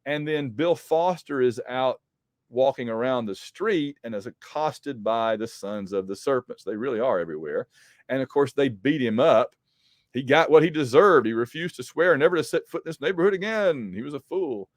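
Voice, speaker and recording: A man's voice: medium pitch, expressive, normal speed, dry recording, clean studio sound. A man casually recapping a comic book story as a podcast host, rambling with frequent ums and self-corrections.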